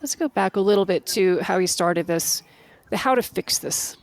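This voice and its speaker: A middle-aged woman hosting an interview, speaking in a reflective, measured way. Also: mid-range voice, no room sound, studio quality. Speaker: host, former congresswoman. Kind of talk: conversational interview.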